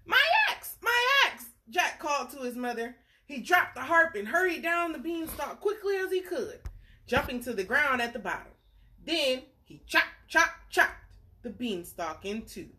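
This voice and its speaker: Her voice sits high, with lively intonation and a normal speed, bright and forceful in tone. She's reading a bedtime story aloud, bantering playfully with young listeners between lines and voicing the characters with playful flair.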